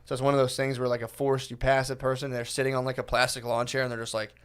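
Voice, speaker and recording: A man's voice: medium pitch, level tone, fast talker, a bit bright, smooth. A young man co-hosting a comedy podcast, telling loose stories that ramble and trail off into mumbles. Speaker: podcast co-host. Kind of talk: casual comedic storytelling.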